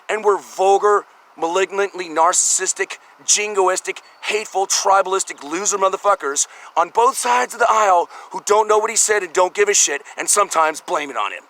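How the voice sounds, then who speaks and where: A man's voice: high-pitched, pushed and bright, poor audio. A middle-aged man delivering a profane, sarcastic comedic rant, exasperated and blunt. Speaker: vlogger.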